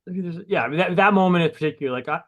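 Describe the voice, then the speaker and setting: A man's voice: on the high side, racing, a bit bright, muffled recording. A man being interviewed on a podcast, rambling and self-mocking, swearing casually and restarting his sentences often. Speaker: comic book writer guest.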